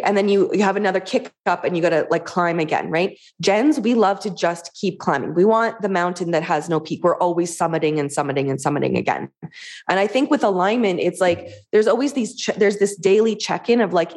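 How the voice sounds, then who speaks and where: A woman's voice: fairly low pitch, animated, fairly quick, a little mellow. A woman with a Canadian accent, a podcast co-host and business owner, speaking casually and animatedly with many filler words. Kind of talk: casual conversation.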